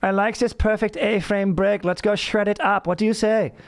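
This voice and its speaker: A goofy German-Australian surfer dude, put on by a man in a raised, noticeably higher voice. He sounds laid-back yet stiffly formal, with overly proper phrasing. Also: fairly even intonation, normal speed. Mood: mock-formal.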